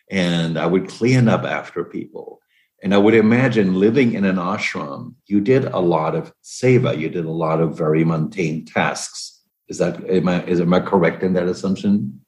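A man's voice: low voice, a little mellow, roomy sound. A man hosting an interview, asking curious, searching questions and sharing his own memories. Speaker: host. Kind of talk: interview conversation.

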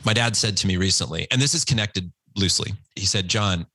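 Earnest man in his forties, bright voice. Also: sits low, brisk, no echo. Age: 40s. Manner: emotional, earnest, acts out quotes. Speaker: guest. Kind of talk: candid personal storytelling.

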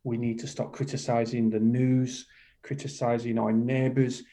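A kindness coach from the United Kingdom, middle-aged, is interviewed on a podcast, speaking at a moderate pace in a warm mid-range voice with flat delivery. Even so, he talks with passion and emphasis, repeating his key phrases.

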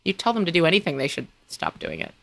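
A woman's voice: on the low side, wildly swooping pitch, fast, gravelly, a bit bright, no room sound. A woman in her thirties co-hosting a podcast, chatting casually and thinking aloud with plenty of restarts. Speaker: podcast co-host. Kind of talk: casual chat.

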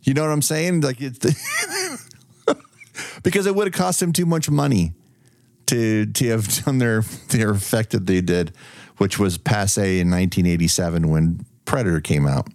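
A man co-hosting a casual movie review podcast, animated and profane, laughing often. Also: fairly low pitch, measured pace, dry recording, studio quality. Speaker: podcast co-host.

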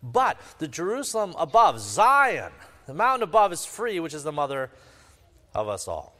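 A man's voice: fairly high pitch, wildly swooping pitch, moderate pace, sharp tone, long reverb tail. A man preaching a sermon as pastor, emphatic, with sweeping rises and drops in his delivery.

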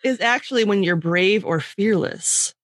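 A woman's voice: medium pitch, a little slow, no room sound. A woman co-hosting a podcast in casual chat, dry and matter-of-fact, reading out definitions. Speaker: podcast co-host.

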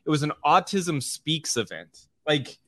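A man's voice: a little high, very animated, a little slow, a bit bright, no echo. Dry-sounding male podcast host. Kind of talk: casual chat.

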